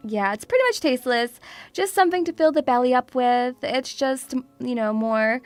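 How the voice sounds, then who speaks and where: A woman's voice: fairly high pitch, a bit bright. A woman from Russia chatting casually as a VTuber streamer, teasing and playful, calling her viewers sweetie. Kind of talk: casual chat.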